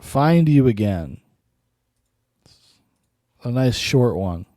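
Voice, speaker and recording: A man's voice: medium pitch, sing-song, drawn-out words, dark tone, no echo, studio quality. A man hosting a podcast, giving casual, sardonic reaction commentary with cursing and laughing asides. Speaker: podcast host.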